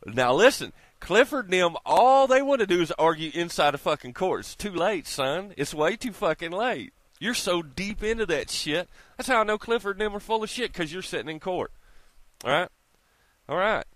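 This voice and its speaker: Ranting, swearing man, lively pitch. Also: normal speed, no room sound. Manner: heated, swears constantly, preachy asides to viewers. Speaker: vlogger. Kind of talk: profane ranting monologue.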